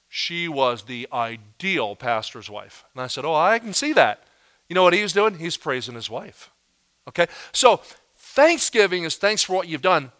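Bright-voiced preacher man. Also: on the high side. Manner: animated storytelling, acting out quotes in different voices. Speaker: pastor. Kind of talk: sermon.

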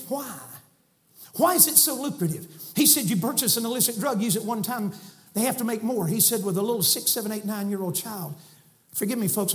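A man with a Southern American accent preaching an impassioned sermon in a church, swinging between shouting and soft drops. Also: high-pitched. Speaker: guest preacher. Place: church sanctuary.

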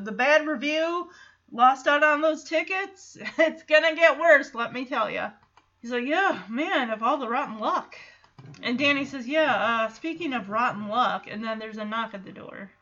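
A woman hosting a podcast, retelling a sitcom episode in a casual, animated way and acting out the characters' lines. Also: high voice. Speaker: podcast host. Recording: slightly dull lo-fi sound.

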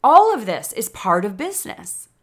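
A woman's voice: fairly high pitch, very animated, moderate pace. A woman from Chicago hosting a motivational podcast, chatty and encouraging in a casual monologue. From Chicago, United States. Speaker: podcast host. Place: Texas.

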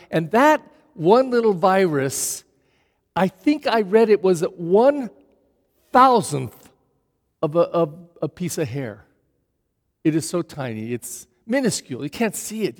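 Male pastor preaching, high lively voice, dramatic scripture reading, long church reverb. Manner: animated preaching, reads scripture aloud with dramatic emphasis. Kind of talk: sermon.

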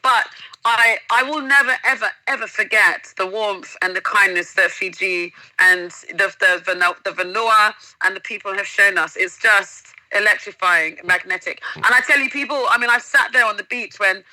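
Woman, interview guest, enthusiastic storyteller, very bright tone. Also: mid-range voice, normal speed, no echo, low-quality recording. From England. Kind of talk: casual interview chat.

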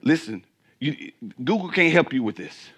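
Bright-voiced preaching pastor, calling out questions. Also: male voice, lively intonation, normal speed, breathy edge. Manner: preaching with call-and-response questions to the congregation; emphatic, swinging between loud climaxes and low asides. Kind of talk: sermon.

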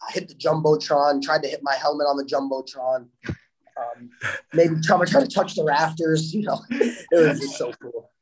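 A man's voice: on the high side, moderate pace, rough recording. A young man, a hockey player, answering interview questions in a casual, upbeat way, laughing now and then and often repeating words.

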